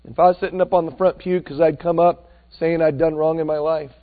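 A high-voiced male preacher tells stories from the pulpit, shifting between a near-whisper and a loud push. The sound is thin and narrow, as if over a phone line. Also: a little fast. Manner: animated, swings between loud and hushed. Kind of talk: sermon with storytelling.

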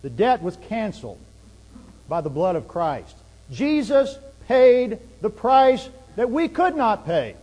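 High-pitched guy preaching a sermon, earnest, voice rising and dropping, big echoey hall. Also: big pitch swings, measured pace, dark tone. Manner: earnest, rising and falling emphasis.

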